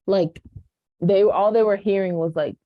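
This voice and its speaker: A young woman hosting a podcast, speaking casually with a naturally monotone voice. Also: mid-range voice, a little slow, dry recording. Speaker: podcast host. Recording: dull, dry sound.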